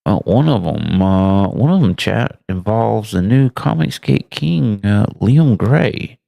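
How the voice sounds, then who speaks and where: A man hosting a casual live stream, loudly greeting his chat with rambling, profane, self-mocking asides. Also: animated, takes it slowly, vocal fry. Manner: greets chat loudly with big swooping pitch jumps. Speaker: livestream host.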